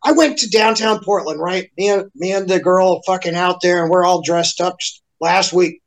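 A man's voice: high voice, moderate pace, poor audio. A man in a casual podcast chat, ranting heatedly with constant swearing and mocking impressions of other people. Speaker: podcast guest. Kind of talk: profane casual rant.

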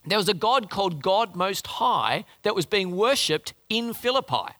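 A man preaching a sermon in an animated, conversational way, often restarting his phrases. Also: high-pitched, moderate pace, hardly any pauses.

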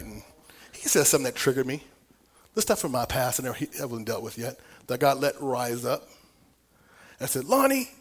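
A middle-aged man preaching a sermon, telling a personal story with big swings from whispers to loud, laughing exclamations. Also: mid-range voice. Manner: animated storytelling, dropping to whispers and rising to near shouts.

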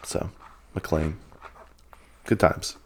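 A man's voice: drawn-out words, noisy background. A young man co-hosting a podcast, laid-back and rambling in casual chat, laughing often. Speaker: podcast co-host.

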